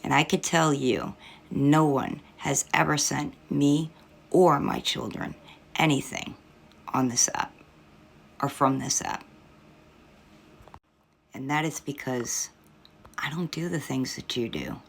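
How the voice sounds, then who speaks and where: Middle-aged woman, very deep and gravelly voice, sarcastic and lecturing commentator. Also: fairly even intonation, takes it slowly, long pauses. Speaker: social media commentator. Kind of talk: critical reaction commentary.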